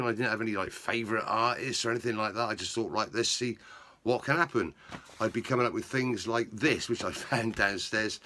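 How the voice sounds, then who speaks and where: A man's voice: medium pitch, pushed and bright. A man chatting to camera about his painting in a jokey, rambling way. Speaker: punk musician talking about his painting. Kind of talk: casual chat to camera.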